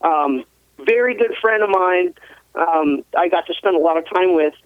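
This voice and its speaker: Brief: high-voiced laughing racer, rambling stories, tinny dry phone line. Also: male voice, moderate pace, no echo. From US West Coast. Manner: laughs often, rambling, animated. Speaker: guest, ATV racer. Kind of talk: casual storytelling interview.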